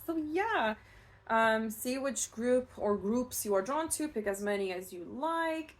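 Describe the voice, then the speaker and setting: A woman giving a casual pick-a-card tarot reading, chatty and rambling, with soft laughs and fillers. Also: fairly high pitch, animated, a little slow. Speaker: tarot reader.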